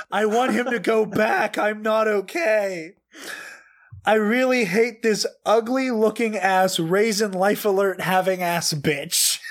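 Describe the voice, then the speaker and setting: Speaking into a desk mic he has pushed back and turned down, a man with a high, fairly bright voice delivers an over-the-top comedic reading. He's profane and laughs often.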